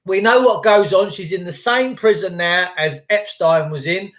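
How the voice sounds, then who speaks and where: A man with a notably high voice runs a rambling live-stream rant. He sounds conspiratorial and mocking, cracks crude jokes, and restarts and repeats his phrases as he goes. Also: moderate pace, a bit bright.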